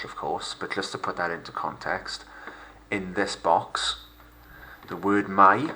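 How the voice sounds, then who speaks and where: Man, low pitch, crisp bright tone, recorded French lesson, slow repeat-after-me modelling. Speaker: French teacher. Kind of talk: recorded remote lesson narration. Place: home recording for lockdown learning.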